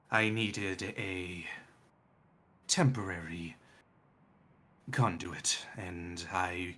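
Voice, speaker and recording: A man voicing an ancient male dragon god of death, who speaks slowly and formally. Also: sits low, bright, forceful tone, full character voice. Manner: slow, measured, formal speech.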